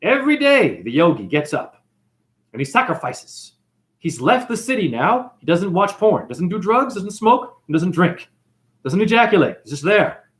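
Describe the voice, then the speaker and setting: A man giving a freewheeling, jokey spiritual monologue, shouting catchphrases and acting out characters. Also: high voice, big pitch swings, normal speed. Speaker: spiritual talk host.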